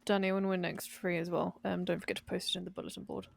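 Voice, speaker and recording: Gravelly-voiced woman, practical tone. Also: fairly low pitch, level tone, fast talker. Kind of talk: in-character roleplay chat.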